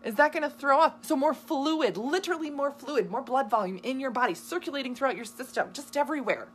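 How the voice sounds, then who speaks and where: Excited woman coach on a live vid, talks w her hands, chatty, laughs a lot. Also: high-pitched, fairly quick, a little hiss or hum. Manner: animated, gesturing a lot while talking; chatty with frequent asides and laughs. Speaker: nutrition coach. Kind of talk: live video answering viewer questions.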